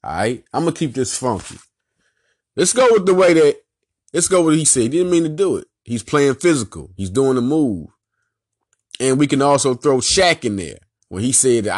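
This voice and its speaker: A man with a Philadelphia accent hosting a sports podcast, ranting in an animated, emphatic, slangy way and repeating his points. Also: on the high side, fairly quick, dry recording, studio quality. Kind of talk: casual sports rant.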